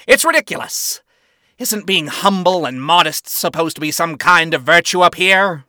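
A man's voice: on the high side, animated, normal speed, sharp tone, no room sound, studio quality, pitched above the performer's own voice. A man voicing a scornful male radio demon, disdainful and incredulous, in a fan fiction reading.

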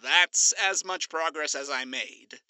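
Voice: medium pitch, slow pace, sharp tone, clean tone, no echo. A narrator voicing a vain, sardonic male demon who drawls and teases in a storybook reading. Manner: drawling, sarcastic, teasing.

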